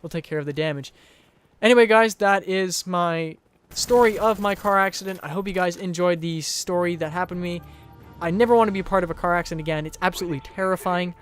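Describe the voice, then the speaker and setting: A man's voice: sits high, quick pace, smooth, soft background music. A young man hosting a gaming channel, casually telling a personal story over gameplay, rambling and repeating himself with small chuckles.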